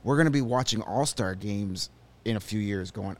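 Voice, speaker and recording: A man co-hosting a sports show in a studio, opinionated and joking, with quick asides. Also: lowish voice, darkish tone. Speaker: sports podcast co-host. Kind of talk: casual sports chat.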